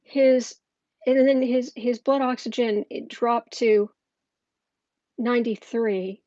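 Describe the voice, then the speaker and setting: Speaking slowly with a steady, warm tone, this woman has a voice on the high side. She reads political tarot and hosts a live stream from home, chatting casually with lots of fillers and restarts. The camera mic recording is dry, with the highs cut off.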